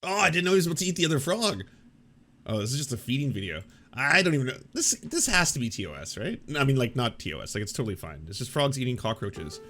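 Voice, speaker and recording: A man's voice: mid-range voice, sing-song, fast, fairly bright tone. A man co-hosting a casual commentary show, rambling and goofy, often restarting sentences. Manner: goofy, rambling, self-interrupting. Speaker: co-host.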